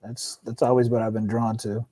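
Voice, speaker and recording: A man's voice: mid-range voice, little pitch movement, mellow. A man being interviewed about his music, talking casually and restarting his sentences as he thinks aloud. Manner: halting, restarts often while thinking aloud. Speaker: guest rapper.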